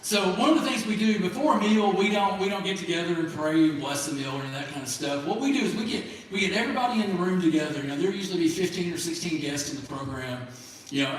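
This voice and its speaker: A man talks in an easygoing, folksy drawl, his voice a touch high. He is picked up from far off in a very echoey hall, with faint noise in the background. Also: lively intonation, fast. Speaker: program staff speaker. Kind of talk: casual stage banter. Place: large hall, live show.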